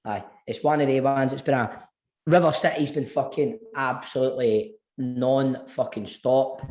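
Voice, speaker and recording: A man's voice: medium pitch, steady tone, normal speed, a little mellow, echoey room. A Scottish man in his thirties co-hosting a podcast, chatting casually with blunt, sweary banter. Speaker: podcast co-host. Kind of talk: casual chat.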